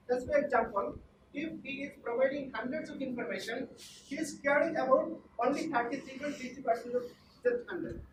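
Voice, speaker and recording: Woman, classroom lecture, high voice, echoey room, far from the mic. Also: background noise. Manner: repeats points and quizzes the class.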